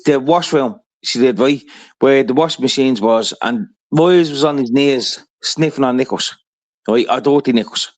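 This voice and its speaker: In a heated live-stream argument, a Scottish-accented host with a mid-range voice and moderate pace keeps pressing the same questions. He stammers and restarts as he stumbles over his words.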